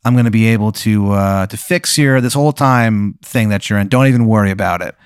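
A man's voice: on the low side, a little fast, clear, resonant tone, no room sound, studio quality, natural voice. A man voicing a shifty, easygoing male time-travel bus driver who promises to fix everything. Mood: breezy.

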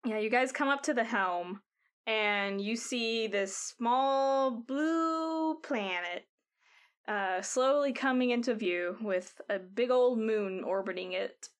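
A woman's voice: fairly high pitch, slow pace. A woman narrating a tabletop game as game master, rambling with many fillers.

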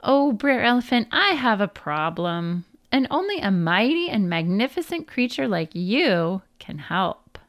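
A woman's voice: mid-range voice, very animated, measured pace, few pauses. A woman voicing a clever, sly little male rabbit trickster with a wheedling manner in a storybook reading. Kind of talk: storybook read-aloud.

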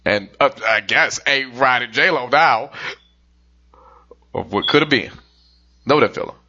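A man's voice: medium pitch, unhurried, pushed and bright, muffled recording. A man co-hosting a podcast, telling a jokey story in casual chat, swearing now and then. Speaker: podcast co-host.

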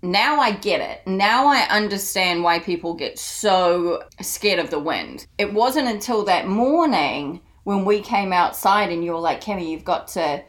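A woman co-hosts a podcast in casual conversation. She talks in an animated, teasing way and laughs often. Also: mid-range voice, unhurried, few pauses. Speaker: podcast co-host. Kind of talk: casual chat.

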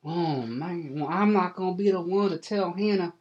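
A man doing a brisk farm wife. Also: high-pitched, a little mellow, muffled recording, voice pushed up, natural voice. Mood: gleeful. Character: rural farmer's wife, brisk and blunt.

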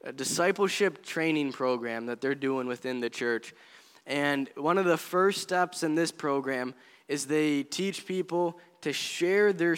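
A man's voice: on the high side, clean tone. A man preaching a sermon in an earnest, conversational way, as a pastor speaking to his congregation. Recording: long hall reverb.

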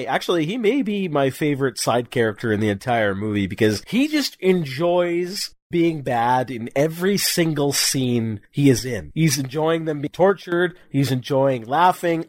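A man's voice: medium pitch, dry recording. A man co-hosting a podcast, talking eagerly about a film, laughing often and acting out lines from it. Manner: enthusiastic, laughs often, acts out movie lines. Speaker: podcast co-host. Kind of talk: casual film discussion.

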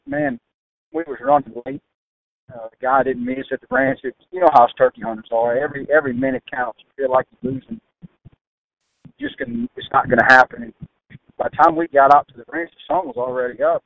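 A man from Louisiana with a Louisiana accent, a guest telling folksy hunting stories in an animated, drawling way. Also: on the high side, gravelly. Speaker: guest turkey hunter. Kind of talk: folksy storytelling. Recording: tinny phone-like sound.

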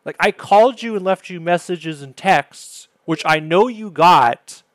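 A man's voice: high-pitched, lively intonation, unhurried, no room sound. A man hosting a podcast, telling a story in a casual, exasperated way. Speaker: podcast host.

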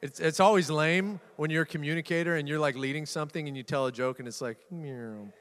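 A man's voice: on the high side, steady tone, fast, fairly bright tone. Chatty male pastor in a reverberant hall. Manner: conversational, jokey, repeats words. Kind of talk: sermon. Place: church hall with live audience.

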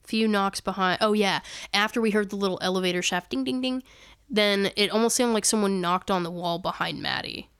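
A young woman co-hosting a paranormal podcast, her smooth voice recorded close and dry. She rambles through the story, backtracks to fix details, and laughs easily. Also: medium pitch, steady tone, brisk, hardly any pauses, fairly bright tone, dry recording. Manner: rambling, self-correcting, laughs often. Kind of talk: casual storytelling chat.

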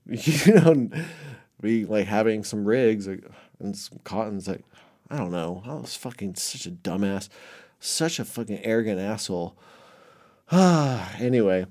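A man casually telling a rambling, heavily profane story about his past, with many restarts, swinging between muttered asides and loud bursts. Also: lowish voice, expressive, a little slow. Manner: rambling, heavy swearing, frequent restarts.

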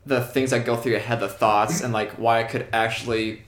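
A man's voice: medium pitch, fairly even intonation, a little fast, a bit bright, reverberant. A man casually discussing a movie with his co-host, agreeing and adding his own comments. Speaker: podcast co-host.

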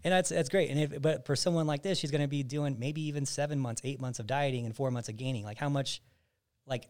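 A man's voice: medium pitch, steady tone, quick pace, a little mellow, clean tone. A man, a physique coach and podcast host, explaining his methods in casual chat and often restarting sentences. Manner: explains at length with frequent restarts.

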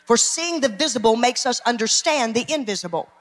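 A woman's voice: fairly high pitch, lively intonation, brisk. A woman pastor, preaching an emphatic sermon and calling out to her congregation. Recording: long hall reverb.

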